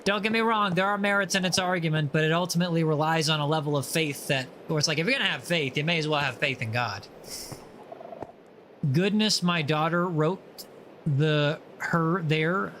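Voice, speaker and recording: Bright, high-voiced playful male streamer. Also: normal speed, a little hiss or hum. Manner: playful, teasing, reads viewer messages aloud. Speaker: livestream host. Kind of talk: casual chat while gaming.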